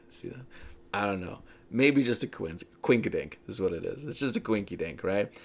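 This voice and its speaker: Guy rambling thru a movie breakdown, lots of "you know" and "right", animated voice. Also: fairly low pitch, moderate pace, creaky. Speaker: commentator. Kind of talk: casual film commentary.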